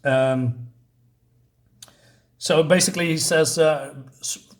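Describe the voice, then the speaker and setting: A man's voice: fairly high pitch, unhurried, pauses often. Hesitant man reviewing a comic. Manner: hesitant, many fillers while retelling a plot. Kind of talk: casual video review.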